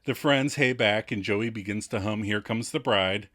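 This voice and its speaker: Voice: mid-range voice, moderate pace. A podcast co-host casually recapping a sitcom episode, acting out the characters' lines with lots of energy. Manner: animated, acts out quotes.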